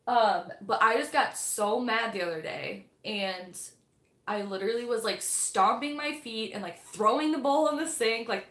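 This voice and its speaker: A woman's voice: on the high side, moderate pace, a bit bright. A young woman hosting a casual live-stream book club, rambling and chatty with lots of fillers. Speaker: livestream host of a book club. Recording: echoey room.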